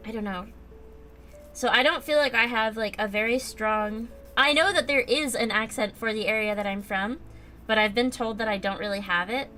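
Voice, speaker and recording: A young American woman streams herself building a model kit, chatting casually, rambling, and reading chat aloud with plenty of fillers. Her voice is a little high, bright and forceful, fairly quick, with faint music in the background.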